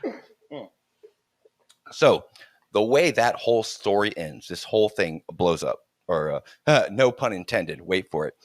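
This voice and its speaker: Middle-aged guy with a lowish voice telling a story, laughs a lot, keeps restarting, dry close sound. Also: a little slow, dry recording. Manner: animated, laughs often, restarts sentences. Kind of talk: casual storytelling chat.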